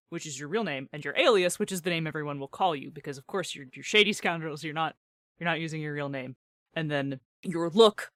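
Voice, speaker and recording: A woman's voice: low-pitched, fairly bright tone, no room sound. Woman podcast host chatting, laughs a lot, a bit sarcastic, dead dry close mic. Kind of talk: casual chat about tabletop games.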